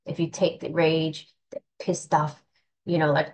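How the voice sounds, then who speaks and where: A woman's voice: low-pitched, expressive, moderate pace, a little hiss or hum, low-quality recording. A woman giving an earnest, reflective spiritual talk in a casual, conversational way, often restarting her sentences. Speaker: spiritual teacher.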